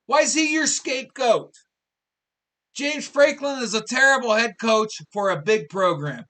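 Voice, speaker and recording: High, bright-voiced ranting man in his fifties. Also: measured pace. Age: 50s. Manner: exasperated, ranting, repeats questions. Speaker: sports talk show host. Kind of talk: live sports talk rant.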